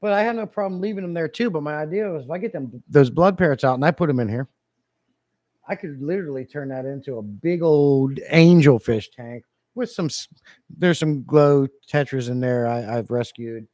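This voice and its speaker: A man chatting casually on a fish-keeping livestream, reading comments and joking around, a bit low on energy. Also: normal speed, dark tone, no echo. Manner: playful, rambling, jokey with chat. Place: home fish room.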